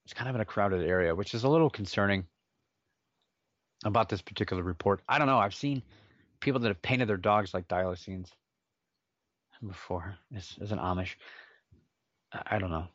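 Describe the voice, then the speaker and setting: Male podcast host, lowish voice, chatty and self-deprecating, dry dull home recording. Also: normal speed, pauses often, fairly bright tone, no room sound. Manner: rambling, self-mocking asides. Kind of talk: casual solo podcast chat.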